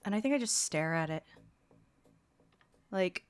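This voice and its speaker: A woman's voice: on the low side, expressive, measured pace, smooth. A woman role-playing as a player in a tabletop game, subdued and dejected. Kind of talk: in-character tabletop role-play.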